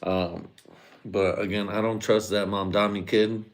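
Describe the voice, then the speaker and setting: A man with a very low, deep voice runs a loose, profane comedy monologue on a live stream. He speaks, rambles from one riff to the next, and keeps breaking into mock voices and chuckles. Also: little pitch movement, unhurried.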